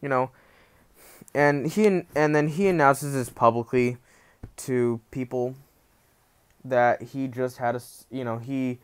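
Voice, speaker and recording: A man's voice: mid-range voice, fairly even intonation, takes it slowly, long pauses, smooth. A young man casually retelling a fan-fiction story, rambling with many restarts and acting out the quotes.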